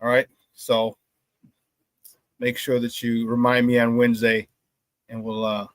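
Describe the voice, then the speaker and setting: A man hosting a live sports talk show, hyped and loud, with casual slangy banter as he reads out chat shout-outs. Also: mid-range voice, monotone, measured pace, dry recording.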